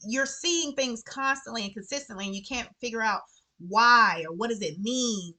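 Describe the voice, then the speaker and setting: With a bright, forceful tone and a slightly high voice, this mother talks at a normal pace. In her casual vlog she speaks earnestly to camera about her favorite books, leaning on repeated phrases to drive points home.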